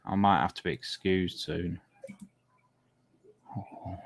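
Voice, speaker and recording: Low-voiced man reading chat, admiring. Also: measured pace. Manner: admiring, drops to soft murmured exclamations over models. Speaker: livestream host of a model-making channel. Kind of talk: casual chat reading out viewer comments.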